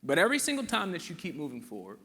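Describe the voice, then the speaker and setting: A man giving a live motivational talk, telling stories and acting out what people said in an animated way. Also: a little high, racing. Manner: animated storyteller acting out quotes. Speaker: motivational speaker. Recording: echoey hall sound.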